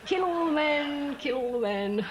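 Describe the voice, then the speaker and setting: An actress playing a self-important comedian who reminisces boastfully with hesitant fillers. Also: female voice, sits low, sing-song, a little slow, creaky, darkish tone, full character voice. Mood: self-satisfied. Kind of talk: mock documentary interview.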